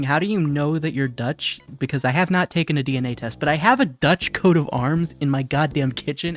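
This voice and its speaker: A streamer playing a life-sim game in casual live-stream chat, who jokes, swears freely, laughs at their own slips and sometimes drops into a put-on mobster accent. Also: mid-range voice.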